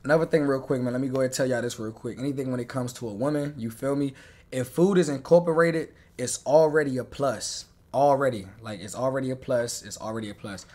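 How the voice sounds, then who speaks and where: Hyped-up man reacting live. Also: quick pace. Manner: excitable, swings between loud hype and low asides. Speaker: streamer reacting to a video.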